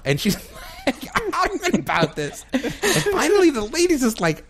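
Animated man telling a funny story. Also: very high-pitched, moderate pace, hardly any pauses. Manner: animated storyteller, acts out quoted voices, laughs often. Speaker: podcast guest telling a trip story. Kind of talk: casual podcast chat.

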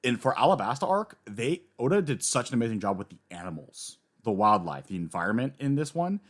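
A man co-hosting a casual anime discussion podcast, talking in an animated way that swings from quiet asides to loud bursts. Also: mid-range voice, a little fast. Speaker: podcast co-host.

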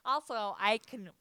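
A young woman talks in a loose, rambling way, laughing often as she goes. Her voice is bright and ringing, and smooth and clear all through. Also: a little high, no echo. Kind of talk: casual chat.

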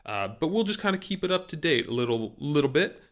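A man's voice: on the high side, big pitch swings, fast, fairly bright tone. A man co-hosting a casual sports podcast, talking in a rambling, self-deprecating way with many fillers. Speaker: podcast co-host. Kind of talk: casual chat.

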